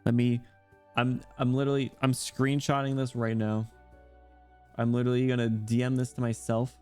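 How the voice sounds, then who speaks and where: A man's voice: mid-range voice, flat delivery, normal speed, darkish tone, clear, resonant tone, soft background music. A man streaming and chatting casually with his viewers, rambling and poking fun at himself. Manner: rambling, self-deprecating, joking.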